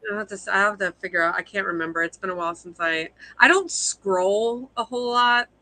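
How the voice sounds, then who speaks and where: A woman's voice: mid-range voice, a little fast, pushed and bright, dry recording, poor audio. A young woman, a fiber artist guest, chatting casually on a live video call, rambling and self-deprecating with frequent laughs.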